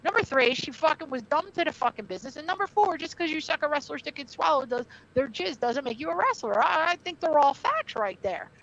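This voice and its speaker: In a dull lo-fi recording, a middle-aged ex-wrestler guesting on a podcast tells a heated story in blunt, profane casual talk. She has a high voice with lively intonation, talking fairly quickly with few pauses and a bit of brightness.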